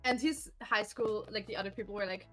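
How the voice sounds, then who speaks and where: Woman streamer, casual chat at home, giggly animated storyteller, mid pitch, light music under. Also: brisk, low-quality recording. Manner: laughs often, animated storytelling, swears freely.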